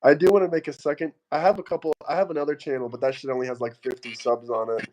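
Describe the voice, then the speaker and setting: A man's voice: mid-range voice, fairly even intonation, very fast, darkish tone, rough recording. A man hosting a live stream, chatting bluntly and swearing a lot. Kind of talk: casual chat.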